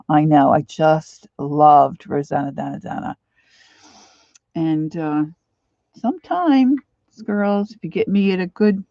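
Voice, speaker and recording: Her voice is deep, and the recording is lo-fi without echo. A middle-aged woman with a Pennsylvania accent, from Pennsylvania, she hosts an art livestream, chatting casually and rambling while painting, with warmly nostalgic asides along the way.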